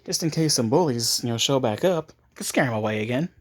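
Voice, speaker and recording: A man's voice: mid-range voice, animated, quick pace, natural voice. A man voicing an eager, cheerful young boy ninja with an upbeat, friendly manner. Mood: boastful.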